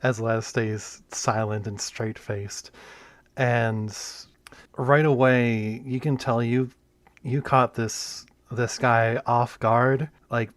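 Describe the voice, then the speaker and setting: Guy running a tabletop game, slow and hesitant, dry close sound. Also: mid-range voice, fairly even intonation, no echo. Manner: slow, hesitant narration with many restarts. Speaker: game master.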